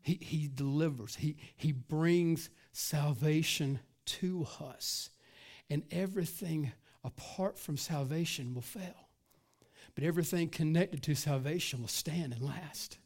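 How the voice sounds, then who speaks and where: A middle-aged man preaches in a relaxed, street-casual way, peppering his lines with "man" and "listen." He sinks to near-hushed tones for weighty points, then swells louder and drags out the words he wants to land. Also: a little high, a little slow. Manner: swings between hushed and loud, stretching key words. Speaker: pastor. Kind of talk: sermon.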